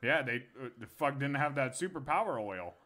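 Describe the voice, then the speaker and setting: Young male podcast co-host: lively, bright voice, crude and animated storyteller. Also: mid-range voice, fairly quick. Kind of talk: casual storytelling chat.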